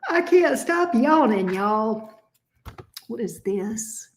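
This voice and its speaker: Slow, chatty tarot reader woman. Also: a little high, animated. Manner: chatty, repeats questions while shuffling. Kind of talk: live-stream tarot reading. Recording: roomy echo.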